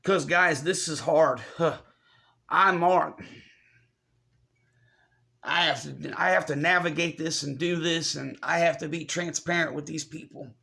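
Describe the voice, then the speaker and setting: Choked-up man with a gravelly voice. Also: a little high, steady tone, bright, forceful tone. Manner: halting, repeats himself, apologetic, talks straight to viewers. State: choked up, fighting back tears. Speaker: vlogger. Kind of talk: confessional vlog update.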